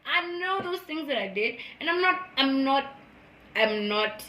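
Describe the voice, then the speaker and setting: A woman speaks her testimony in a casual vlog, earnest and full of feeling. She drifts between soft, low stretches and loud, high bursts. Her voice is bright and forceful, and the room around her echoes. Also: animated, a little slow. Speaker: vlogger.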